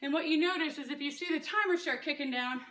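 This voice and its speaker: Breathless, bright woman fitness coach. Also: high-pitched, fast, roomy sound, far from the mic. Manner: upbeat encouraging coaching cues. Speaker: fitness instructor. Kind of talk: live home workout coaching. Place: room at home.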